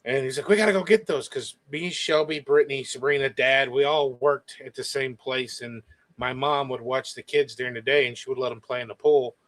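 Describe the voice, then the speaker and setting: 男性の語り手、生き生きと体験談を語る. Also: male voice, mid-range voice, normal speed, poor audio. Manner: animated, quoting others in lively bursts. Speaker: guest. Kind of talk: casual storytelling.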